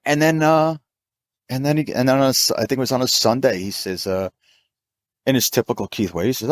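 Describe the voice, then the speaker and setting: A man in his fifties telling a long story in casual chat, jumping into a higher pitch to act out the people he quotes. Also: fairly quick, no echo, clean studio sound. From New York. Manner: animated, acts out quoted voices in a higher pitch. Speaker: mobile auto technician, podcast guest.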